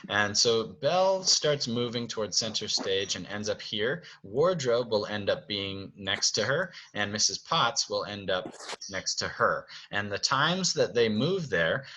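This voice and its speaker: A man's voice: on the low side, bright, forceful tone. A man directing a show, explaining stage blocking in a friendly way and thinking aloud. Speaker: theater director.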